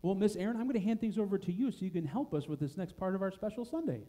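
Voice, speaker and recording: A man leading a children's church lesson, animated and coaxing, slowing to a chant when he teaches the verse. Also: high-pitched. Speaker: children's message leader. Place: church sanctuary. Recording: long church hall reverb.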